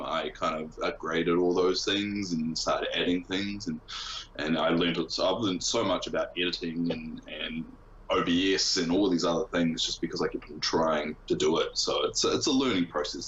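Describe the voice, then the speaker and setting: A man's voice: low-pitched, steady tone, normal speed, fairly bright tone, a little hiss or hum. A man guesting on a casual podcast, talking in a sarcastic, self-deprecating way with an accent. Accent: non-local accent, origin unstated. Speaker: guest streamer. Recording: roomy, dull lo-fi sound with faint ambience.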